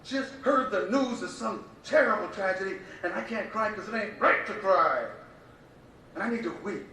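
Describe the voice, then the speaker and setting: Man, spoken-word poem, impassioned rhythmic delivery, high voice, distant from the mic, faint background noise. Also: normal speed, pushed and bright. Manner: impassioned, rhythmic, repetitive cadence. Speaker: poet. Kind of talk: spoken-word poetry recitation. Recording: very echoey room, voice from afar.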